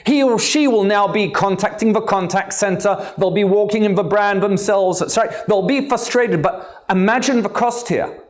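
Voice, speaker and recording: A man in his fifties with an English accent gives an engaging conference talk, putting questions to the audience and joking along the way. His voice sits a little high for a man. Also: moderate pace. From born in England, raised in Israel. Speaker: conference speaker.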